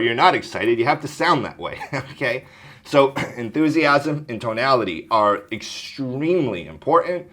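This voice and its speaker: A man coaching viewers on phone sales, talking to camera in a brisk, direct way and often clearing his throat. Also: medium pitch, a bit bright. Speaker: insurance telesales trainer.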